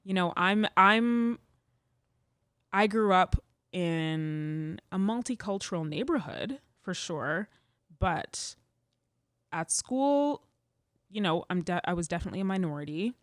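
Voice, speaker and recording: A woman's voice: lowish voice, slow, long pauses, no room sound, studio quality. A young woman from Canada, a musician guest, telling stories animatedly with many "like"s and frequent laughs. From Edmonton, Canada. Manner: animated storyteller, laughs often, lots of "like". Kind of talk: casual interview chat.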